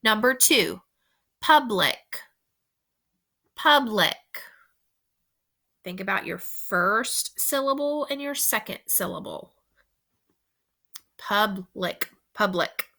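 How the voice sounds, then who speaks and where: Speaking in a fairly high, expressive voice with a pushed, bright quality, a woman teacher reads out a spelling test to young children. She goes slowly, saying each word twice and wording her instructions with care.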